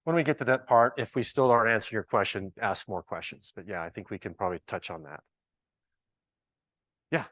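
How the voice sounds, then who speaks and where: A man's voice: fairly low pitch, a little fast, long pauses, fairly bright tone, dry recording. A man leading an informal training workshop, chatty and joking, thinking aloud as he works with the audience. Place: large ballroom with a live audience.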